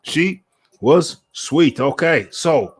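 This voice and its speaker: A man's voice: a little high, expressive, extremely slow, husky. A man hosting a casual talk show, telling a story with laughs and repeating his punchlines. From England. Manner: laughing, repeats lines for effect. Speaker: host. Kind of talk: casual banter.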